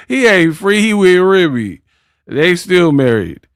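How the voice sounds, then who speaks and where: Brief: male stream host, mocking slangy rant, unhurried, dry close sound. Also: fairly high pitch, sing-song, no room sound. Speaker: boxing commentary livestream host. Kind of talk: casual livestream rant.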